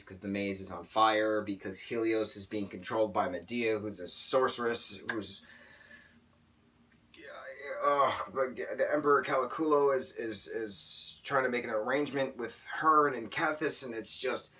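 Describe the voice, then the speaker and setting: Excitable young man rambling, bright tone. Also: on the low side, a little slow, distant mic. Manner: rambling, excitable, many restarts and stammers. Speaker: book reviewer. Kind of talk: casual book review vlog.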